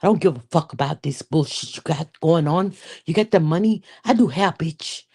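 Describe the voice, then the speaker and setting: A woman's voice: low voice, normal speed, darkish tone, slightly rough. A woman voicing a scorned township woman who rants at her cheating man in a put-on foreign accent, cursing constantly. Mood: furious. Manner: foul-mouthed ranting, put-on foreign accent.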